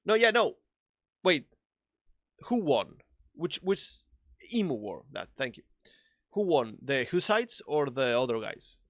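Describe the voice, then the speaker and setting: A man with a non-native English accent streaming a video game, chatting excitably, laughing and swearing often. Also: fairly high pitch, a little slow, long pauses, dry recording, clean studio sound. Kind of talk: casual live-stream chat.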